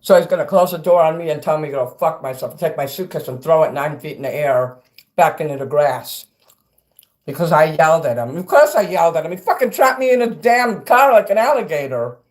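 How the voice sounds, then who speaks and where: A middle-aged man livestreaming and reading chat, ranting angrily and profanely, swinging between loud outbursts and quiet asides. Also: a little high, animated, a little fast. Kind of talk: angry livestream rant.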